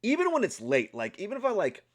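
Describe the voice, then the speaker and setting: A young adult man telling a casual vlog story, animated and rambling, with many restarts and fillers. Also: sits high, fast talker. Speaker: art channel vlogger.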